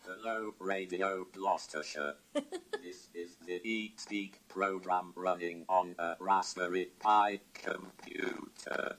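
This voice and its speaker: A deep, slow old robot voice. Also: male voice, low-quality recording. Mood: flat. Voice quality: flat, robotic computer voice. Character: old robotic male speech synthesizer. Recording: played back from a computer.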